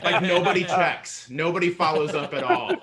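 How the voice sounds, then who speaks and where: A man from Indiana doing a stand-up set on an online show, out of breath and self-deprecating, halting over fillers and laughing into his punchlines. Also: high-pitched, fairly even intonation, a loud crowd. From Indiana, USA. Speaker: stand-up comedian.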